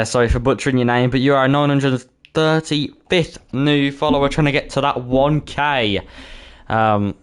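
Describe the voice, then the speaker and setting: A man's voice: mid-range voice, smooth. Brummie man commentating a sim race. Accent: Birmingham (Brummie). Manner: chatty, laughs easily, stumbles over names. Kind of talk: live-streamed race commentary.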